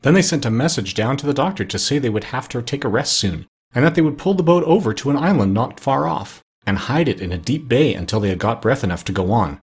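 A man narrating a children's storybook in a steady, expressive read-aloud. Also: medium pitch, fast talker, hardly any pauses, husky.

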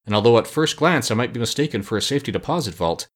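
A hollow-voiced storybook scarecrow done by a husky man reader, pitched above the teller's own low voice. He speaks with earnest dignity and swings his pitch widely. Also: lively intonation, rapid-fire, close to an everyday voice. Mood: grateful. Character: hollow-voiced male scarecrow's head, noble and proud. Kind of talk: storybook reading.

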